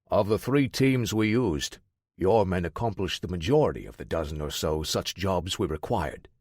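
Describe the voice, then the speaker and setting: A man voicing a menacing male crime boss who speaks slowly and deliberately. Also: low voice, lively intonation, darkish tone, slightly rough, dry recording, clean studio sound. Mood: cold.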